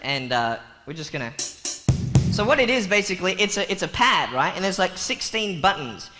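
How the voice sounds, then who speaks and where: A man joking and telling stories to a live audience in a playful, animated way. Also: high voice, moderate pace, over music. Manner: playful, jokey, animated storytelling. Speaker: motivational speaker. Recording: long hall reverb with faint noise.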